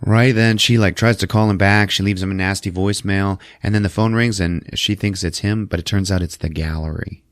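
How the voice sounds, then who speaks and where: A man's voice: deep voice, fairly even intonation, a little fast, hardly any pauses, no echo, clean studio sound. A man hosting a podcast, casually retelling a film with loose, profane energy. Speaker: podcast host recapping a film. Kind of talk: casual chat.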